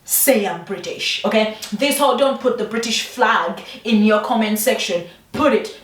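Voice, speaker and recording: A woman from Uganda, now living in Britain, giving a passionate, emphatic opinion monologue, swearing often and asking rhetorical questions. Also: medium pitch. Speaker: vlogger. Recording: echoey room, distant mic.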